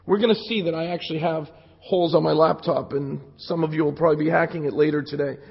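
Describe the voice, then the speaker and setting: A man with a raspy, fraying voice walks an audience through a technical talk, tossing in casual jokes. He sits a little high for a man. The lo-fi recording carries a long hall reverb. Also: fairly even intonation, fast. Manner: casual, joking asides to the audience. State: losing his voice from jet lag. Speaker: security conference speaker. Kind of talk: live technical talk with demos. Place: conference hall.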